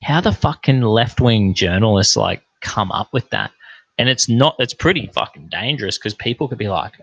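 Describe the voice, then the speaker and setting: A man's voice: lowish voice, lively intonation, normal speed, creaky, husky, dry recording, lo-fi sound. A young Australian man ranting bluntly and profanely in a casual rambling monologue to his online viewers. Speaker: online streamer.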